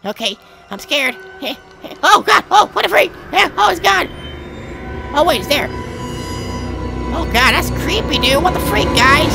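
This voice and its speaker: A woman giving gameplay commentary with friends, jumpy and yelling and swearing in fright. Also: sits high, lively intonation, slow pace, creaky, long pauses, loud music behind the voice. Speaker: gaming video host.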